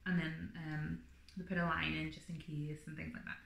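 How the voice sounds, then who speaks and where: A woman's voice: low voice, flat delivery, moderate pace, vocal fry, fairly bright tone, echoey room. A woman vlogger telling her birth story in a chatty, rambling way, full of fillers. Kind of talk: casual birth story vlog.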